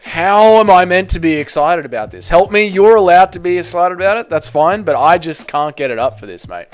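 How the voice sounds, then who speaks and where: A man's voice: high-pitched, animated, brisk, few pauses, smooth, faint music behind. A young man hosting a casual livestream, reading chat aloud and swearing bluntly. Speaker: livestream host.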